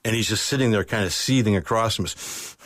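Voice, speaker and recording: A man's voice: on the low side, fairly quick, fairly bright tone, no echo. An American man, an author, telling a tense travel story in a radio studio and acting out the people in it. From United States. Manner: vivid storyteller, quotes others in character. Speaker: author and guest.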